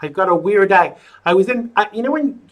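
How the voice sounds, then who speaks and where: A man's voice: high voice, expressive, fairly quick, fairly bright tone. A man hosting a live online talk show, rambling and joking with viewers between chatty asides. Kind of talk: casual livestream chat.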